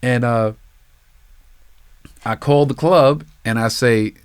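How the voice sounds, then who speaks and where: A middle-aged man from New York, a comedian telling a long anecdote with lively acted-out voices and casual swearing. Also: mid-range voice, slow pace, clean tone. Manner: acts out voices in his anecdotes, swears freely. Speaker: comedian guest. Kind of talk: animated storytelling.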